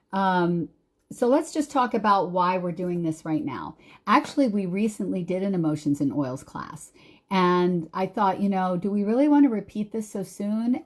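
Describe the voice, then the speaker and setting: Middle-aged woman, live online class host; slow, chatty, filler-heavy delivery. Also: mid-range voice. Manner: warm, chatty, greets viewers by name; unhurried with many fillers and restarts. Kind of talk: live-streamed class, casual chat.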